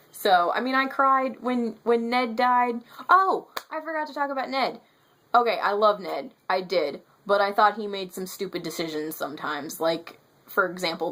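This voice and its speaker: A woman's voice: fairly low pitch, a bit bright. Rambling woman reviewing a book. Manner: rambling, self-correcting, emphatic when annoyed; gestures with her hands while talking. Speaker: book vlogger. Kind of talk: casual book review vlog.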